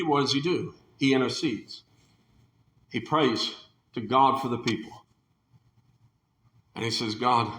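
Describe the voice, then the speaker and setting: A man's voice: mid-range voice, fairly bright tone, reverberant. A man preaching a sermon in a fervent way, building to emphatic peaks and sometimes restarting his sentences.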